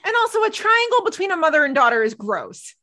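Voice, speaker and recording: A woman co-hosting a podcast in casual chat, agreeing warmly and reading out listener comments. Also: very high voice, very animated, fast. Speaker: podcast co-host. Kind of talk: casual fan chat about a TV show.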